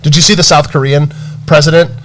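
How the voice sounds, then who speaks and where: A man co-hosting a podcast tells stories in animated, casual chat, full of fillers, restarts and laughter. His voice is fairly high and fast, with a little hiss or hum in the audio.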